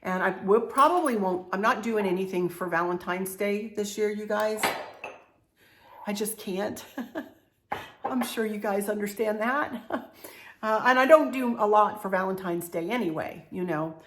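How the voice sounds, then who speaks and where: Middle-aged woman, chatty home decor vlogger, confiding tone, medium pitch. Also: measured pace, a bit bright. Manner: chatty, confiding, laughs often. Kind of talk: casual show-and-tell haul video.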